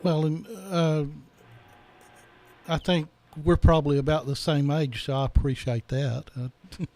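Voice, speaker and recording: A man's voice: fairly high pitch, steady tone, a little slow, mellow. A man in his sixties hosting a radio interview, easygoing and joking, with hesitant ums in his casual chat. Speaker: radio host.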